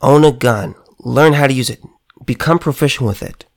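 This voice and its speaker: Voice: medium pitch, moderate pace, vocal fry. A political commentator delivering a heated monologue, emphatic and sarcastic, often stumbling and restarting words.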